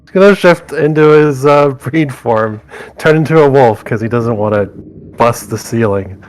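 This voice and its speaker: A man's voice: medium pitch, lively intonation, normal speed. A man playing a tabletop game, describing his character's actions with hesitant restarts. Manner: hesitant, restarts while deciding. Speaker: player.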